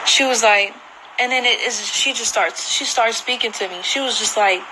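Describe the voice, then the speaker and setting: A woman's voice: fairly high pitch, fairly even intonation, normal speed, pushed and bright, slight background noise, poor audio. A woman vlogger giving an emotional personal account to camera, earnest and repeating herself for emphasis. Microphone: phone screen recording.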